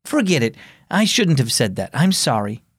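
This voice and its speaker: A man's voice: medium pitch, very animated, normal speed, fairly bright tone, slightly rough, dry recording, clean studio sound, exaggerated voice. A man voicing an earnest, apologetic boy who is babysitting his little brother in a storybook reading.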